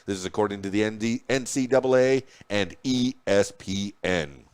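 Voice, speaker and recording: A man's voice: fairly low pitch, normal speed, a little mellow, clear, resonant tone. A man hosting a podcast, reading news headlines and history facts aloud with small slips and restarts. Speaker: podcast host.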